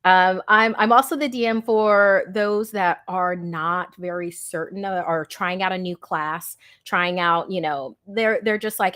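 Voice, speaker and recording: An American woman who works as a dungeon master talks about her games in an animated, enthusiastic interview chat. Her voice is lowish and unhurried with hardly any pauses, and she often repeats words when starting a thought.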